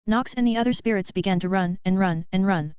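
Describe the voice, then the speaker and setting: Smooth-voiced woman reading a novel. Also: mid-range voice, a little fast, darkish tone, no echo. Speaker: audiobook narrator. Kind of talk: scripted narration. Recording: slightly dull lo-fi audio.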